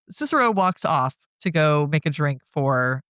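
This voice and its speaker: A woman's voice: low voice, very animated, takes it slowly, a bit bright, dry recording. A woman co-hosting a podcast, casually retelling a movie plot and laughing often as she goes. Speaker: podcast co-host. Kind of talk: casual movie recap chat.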